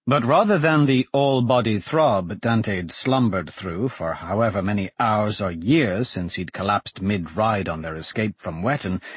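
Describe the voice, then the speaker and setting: A man narrating a fantasy audiobook in a dramatic, expressive scripted style. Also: mid-range voice, slightly rough, no echo.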